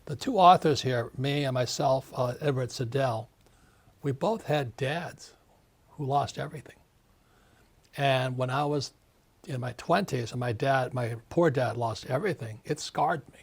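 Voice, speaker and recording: His voice is mid-range, husky, with vocal fry and a slightly slow delivery. An interviewed author in his seventies, he rants emphatically and acts out quoted voices.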